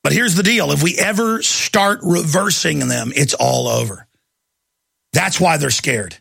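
Gravelly, fiery ranting man. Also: a little high, lively intonation, measured pace, dry recording. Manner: ranting, fiery delivery with bursts of shouting. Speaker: talk show host. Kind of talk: heated monologue.

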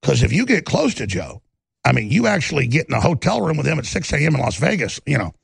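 A man's voice: on the high side, very animated, quick pace, vocal fry, slightly rough, dry recording, clean studio sound. A man hosting his own show, delivering a heated, combative rant and stumbling over repeated words as he pushes on. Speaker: show host.

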